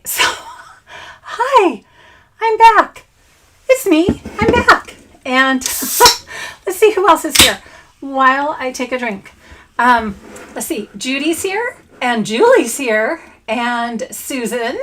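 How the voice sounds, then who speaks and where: A bubbly, high-pitched middle-aged woman chatting casually on a craft livestream from her home craft room. She greets viewers by name and whoops with excitement. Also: takes it slowly, slight background noise. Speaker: scrapbooking livestream host.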